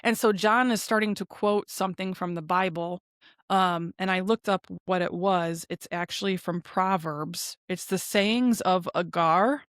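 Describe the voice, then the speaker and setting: A woman's voice: fairly low pitch, unhurried, no room sound, studio quality. A woman hosting a podcast, chatty and casual, retelling scenes with lots of fillers. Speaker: podcast host. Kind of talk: casual episode recap.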